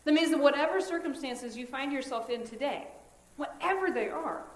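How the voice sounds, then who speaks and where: A woman pastor with a high voice delivers a sermon in a church sanctuary. She preaches earnestly and conversationally, leaning on dramatic pauses. The sanctuary adds a roomy echo to her voice. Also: animated.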